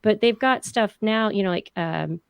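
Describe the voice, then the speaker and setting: A woman's voice: medium pitch, normal speed, vocal fry, clear, resonant tone, no room sound, studio quality. A woman co-hosting a science podcast from home in casual chat, chatty and full of fillers. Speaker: podcast co-host.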